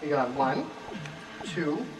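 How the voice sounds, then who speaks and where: Young man hosting a goofy show, high bouncy voice, roomy distant sound. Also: very animated, takes it slowly. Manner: playful, puts on squeaky voices for characters. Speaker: host. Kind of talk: goofy kids' show banter. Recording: roomy, distant mic with music.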